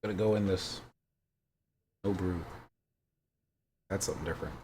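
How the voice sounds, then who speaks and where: A man streaming a video game, thinking out loud in a casual, musing way as he weighs his choices. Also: deep voice, steady tone, normal speed, a little hiss or hum. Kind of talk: casual live-stream commentary. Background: faint game music.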